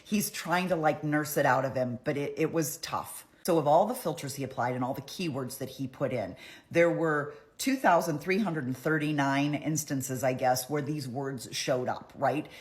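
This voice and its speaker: A woman's voice: sits low, normal speed. A middle-aged woman giving a chatty, opinionated trial recap, often acting out what people said. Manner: chatty, opinionated, acts out quotes. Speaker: trial commentary vlogger. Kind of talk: casual trial recap commentary.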